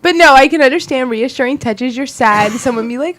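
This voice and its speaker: A woman's voice: high-pitched, fairly quick, a bit bright, slight background noise. A woman co-hosting a casual talk show, telling stories with lots of giggling. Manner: giggly storytelling. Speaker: co-host. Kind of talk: casual chat.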